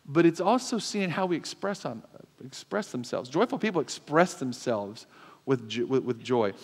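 A male pastor preaching in a church sanctuary in a fairly high voice. He is emphatic and keeps throwing questions to the congregation, while a long reverb carries through the hall. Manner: emphatic, call-and-response. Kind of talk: sermon.

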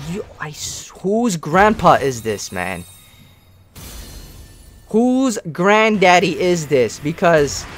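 Young male gamer, higher voice that swings all over, excitable and slangy, faint game music underneath. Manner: excitable, slangy, grumbling at bad luck. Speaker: mobile game streamer. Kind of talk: casual gaming commentary.

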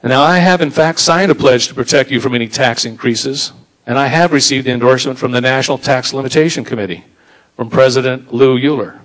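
A man's voice: mid-range voice, fairly quick, fairly bright tone, poor audio. A man giving a firm, assertive closing statement as a candidate at a debate. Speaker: political candidate.

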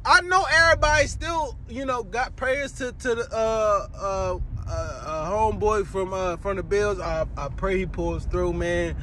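A man rants in a strikingly high voice, profane and worked up. He repeats himself as he vents to his followers. Faint traffic hum sits behind him outdoors. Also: unhurried, hardly any pauses, bright, forceful tone. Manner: profane, heated, repetitive. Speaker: fan vlogger. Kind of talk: angry fan rant.

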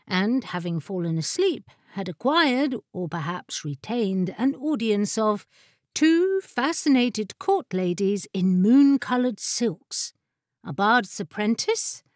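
Speaking at a middle pitch, a woman narrates a fantasy audiobook from a script with measured expressiveness. The audio is close and dry, free of echo or any room sound.

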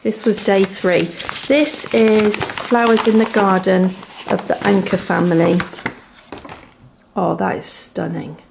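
Slow, gravelly Devon-accented woman. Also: mid-range voice, fairly even intonation, background noise. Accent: Devon English. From England. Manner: chatty, gushing over yarn, soft asides. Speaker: knitting vlogger. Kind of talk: casual chat to camera. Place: home, indoors.

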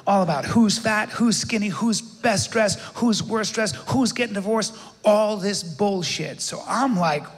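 A man telling a stand-up story in a cocky, self-mocking way, with animated voices for the people in it. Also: high-pitched, big-room sound. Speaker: stand-up comedian.

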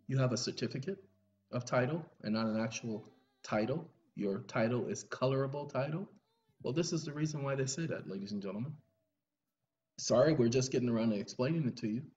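A man's voice: medium pitch, a little mellow. A tired man hosting a video, talking in a rambling, joking monologue. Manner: rambling, joking, drawling, breaks into song. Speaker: video host. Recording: dull lo-fi recording with faint music.

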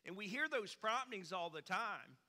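A man's voice: normal speed, long reverb tail. A man preaching a sermon, a folksy storyteller who swings his voice up and down for emphasis. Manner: folksy storyteller, animated swings in pitch and volume. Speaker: pastor. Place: church sanctuary.

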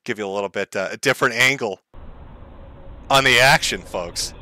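A man's voice: medium pitch, moderate pace, sharp tone, a little hiss or hum. A man hosting a live stream, giving sarcastic, mocking commentary and laughing often. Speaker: streamer host.

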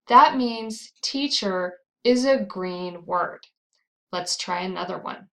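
An American woman teaching pronunciation at a very slow, deliberate pace. Her pitch sits in the middle of the range. She repeats each example word clearly, drawing it out for the learner. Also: fairly bright tone, rough recording. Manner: drills words slowly and repeats them.

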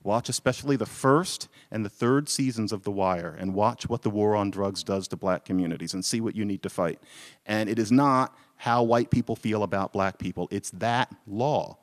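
A man's voice: on the low side, moderate pace. A man giving a conference talk, making pointed arguments and answering his own rhetorical questions. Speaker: lecturer. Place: lecture hall. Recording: lecture hall with long reverb.

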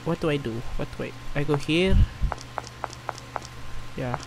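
A young man commentating a horror game, excitable and goofy, reading dialogue aloud and reacting loudly. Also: on the high side, measured pace, background noise. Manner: excitable, yelps and laughs, reads lines in silly voices. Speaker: gameplay commentator. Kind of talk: let's play commentary with voiced dialogue.

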